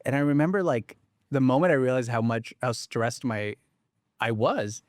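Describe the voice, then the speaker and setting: A man founder telling a story in casual conversation, rambling and animated with lots of fillers, restarts and the odd swear. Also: medium pitch, moderate pace, no room sound, clean studio sound. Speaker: startup founder.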